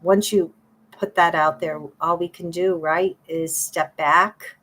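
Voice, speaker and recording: A woman's voice: fairly low pitch, steady tone, slow pace, a bit bright, rough recording. A middle-aged woman giving a spiritual card reading to her viewers, earnest and pleading, repeating her phrases.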